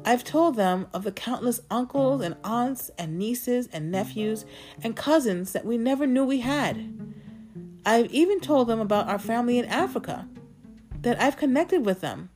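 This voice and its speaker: A woman narrating a personal story in a gentle, earnest, reflective way. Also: on the high side, lively intonation, moderate pace, soft background music.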